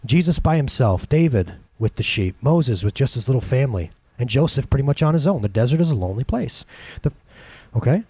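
Animated man preaching a lively sermon. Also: mid-range voice, a little fast, breathy edge, no echo. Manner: animated preaching, swings between loud peaks and quiet asides. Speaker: pastor.

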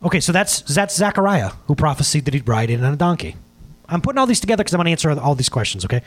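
A man preaching a sermon to his congregation, emphatic and animated, asking for slides as he goes. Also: on the high side, rapid-fire. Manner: asks for slides during the talk. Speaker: pastor.

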